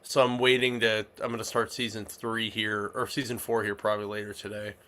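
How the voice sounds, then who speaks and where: Bright-voiced rambling man. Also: lowish voice, flat delivery, brisk. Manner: rambling, lots of fillers and restarts. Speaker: comic shop podcast host. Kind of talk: casual chat.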